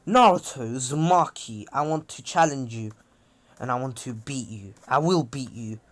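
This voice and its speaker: A man's voice: medium pitch, normal speed, lightly acted. A guy voicing an earnest boy ninja. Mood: determined.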